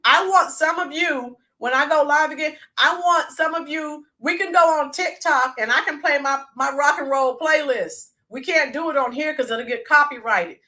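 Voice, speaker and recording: A woman hosts a casual livestream, chatting with viewers, greeting them by name and breaking into sung snippets. Her high-pitched voice is pushed and bright, at normal speed with few pauses.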